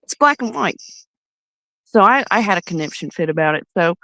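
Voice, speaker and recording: A woman's voice: lowish voice, animated, a little fast, bright, forceful tone, dry recording, low-quality recording. A woman guest on a comics livestream, telling a heated story in casual chat and swearing constantly.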